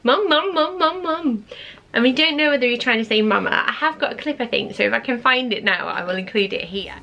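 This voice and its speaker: A woman's voice: on the high side, fast talker, creaky, bright, forceful tone. A young woman, a mum of three, chatting casually to camera in a gushing, chatty way, sometimes slipping into sing-song baby talk. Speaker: parenting vlogger, mum of three.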